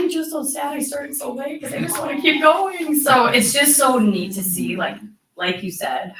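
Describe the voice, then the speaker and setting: A young woman coaching cross country speaks quickly at a board meeting, leaning into an animated story. She sits a little low for her voice. The mic is distant, and the room rings around her. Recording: echoey room from far off.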